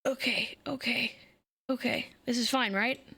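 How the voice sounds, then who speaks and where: A woman with a somewhat high voice hosting a relaxed stream, brisk and organizing as she chats with friends. The sound is close and dry. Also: slightly rough, no room sound. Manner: brisk, organizing the watch-along. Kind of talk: casual chat on a group call.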